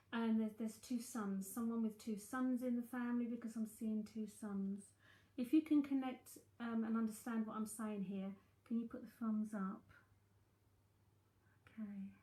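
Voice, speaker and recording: A woman with a London accent talks her way through a psychic reading, rambling and thinking aloud as she goes. Her voice sits a little high, and the room around her rings with a noticeable echo. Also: mellow. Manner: chatty, rambling, thinking aloud with many fillers. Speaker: psychic medium. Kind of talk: live-streamed reading, casual chat.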